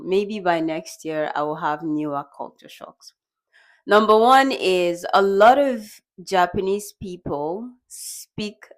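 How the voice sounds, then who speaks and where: A young woman from Nigeria talking casually to the camera in a vlog, chatty and lively, acting out little bits of dialogue. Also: on the low side. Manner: chatty, animated, acts out quoted dialogue with laughs. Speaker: vlogger. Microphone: small bought microphone.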